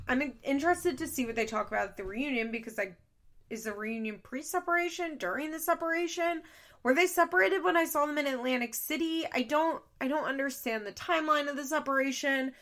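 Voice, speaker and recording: Woman podcast host, bright and forceful, casual profane recap delivery. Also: high-pitched, a little fast. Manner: blunt, profane, exasperated.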